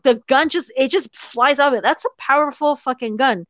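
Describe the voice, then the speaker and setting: A woman's voice: high voice, normal speed, a bit bright, no echo. A woman hosting a casual podcast chat, ranting with lots of swearing and laughter. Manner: ranting, profane, laughs often. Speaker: podcast host.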